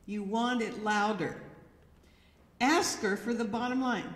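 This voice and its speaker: A woman's voice: medium pitch, a little slow. A woman lecturer giving direct, instructive advice to an audience through a microphone. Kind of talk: presentation to an audience. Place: church hall. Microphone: handheld or stand microphone. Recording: echoey hall with long reverb.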